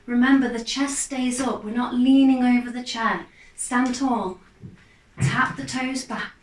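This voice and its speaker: A woman, a fitness instructor, calmly guiding a gentle exercise class with steady, encouraging cues. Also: a little high. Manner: calm, encouraging, unhurried cues. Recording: echoey room, mic far off.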